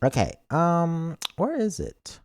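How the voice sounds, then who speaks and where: A man's voice: on the high side, wildly swooping pitch, slow pace. A man streaming a game as a VTuber, chatting casually with his viewers in a playful, goofy, mock-defensive way.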